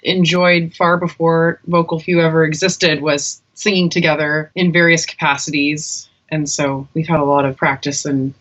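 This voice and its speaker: A woman's voice: low-pitched, flat delivery, normal speed, hardly any pauses, fairly bright tone. A woman, a singer, chatting casually and agreeably in an interview. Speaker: singer guest.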